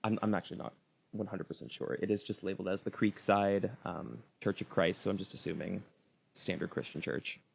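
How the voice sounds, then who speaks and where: A man's voice: deep voice, brisk, gravelly, breathy edge. A young man co-hosting a true-crime podcast, chatting casually and laughing often as he tells stories. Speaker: podcast co-host.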